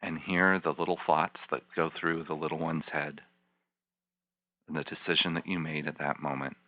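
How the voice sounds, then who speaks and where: A man, a healing practitioner, leading a volunteer through slow guided imagery with soft, repetitive, soothing coaching. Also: a bass voice, level tone, dry recording. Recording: dull lo-fi teleconference line.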